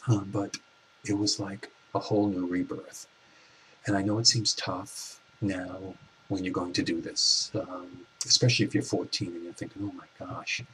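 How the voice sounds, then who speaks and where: A man in his forties telling a personal story in a soft-spoken, reflective way, with halting restarts. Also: low voice, flat delivery, a little hiss or hum, low-quality recording. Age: 40s. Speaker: vlogger.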